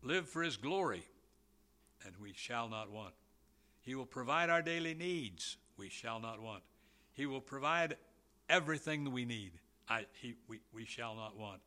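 Bright-voiced man preaching a sermon. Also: medium pitch, animated. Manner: slow, emphatic preaching with rising and falling volume.

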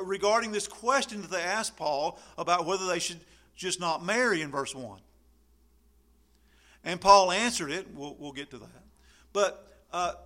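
Guy preaching a sermon, bright slightly high voice, acts out little scenes. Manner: animated preaching, acts out quoted people. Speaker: pastor.

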